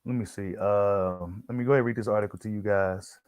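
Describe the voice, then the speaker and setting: A man's voice: lowish voice, fairly even intonation, fast talker, darkish tone, clean tone, no echo. Slangy man doing boxing talk. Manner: slangy, repeats himself, many fillers; reads an article aloud to viewers. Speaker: boxing channel host. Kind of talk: casual boxing commentary.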